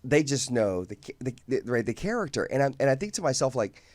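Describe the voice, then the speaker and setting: A man's voice: mid-range voice, big pitch swings, quick pace, a little mellow, no room sound. A man hosting an interview, speaking hesitantly, with many restarts as he tells a story. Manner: hesitant, many restarts, quotes others animatedly. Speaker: podcast host. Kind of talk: conversational interview.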